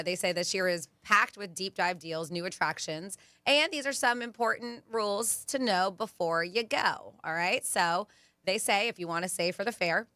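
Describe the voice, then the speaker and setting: Chatty woman radio host, bright voice. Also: on the low side, dry recording. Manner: chatty, reads out event details with asides. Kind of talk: casual radio chat.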